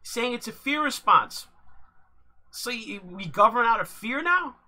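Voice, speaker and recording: A livestream host giving casual live commentary on video clips, halting and full of fillers. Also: medium pitch, animated, pushed and bright. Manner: halting, with many fillers and restarts.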